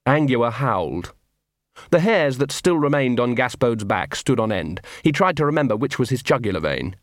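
Male audiobook reader, mid pitch, measured, very dry studio sound. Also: big pitch swings, no room sound. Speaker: audiobook narrator. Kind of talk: scripted narration.

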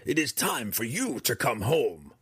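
A man voicing a cunning female drow high priestess who shifts from false sweetness to cold command, raised in pitch. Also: sing-song, measured pace, fairly bright tone, husky, no room sound, studio quality, exaggerated voice. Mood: coaxing. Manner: falsely sweet, then imperious.

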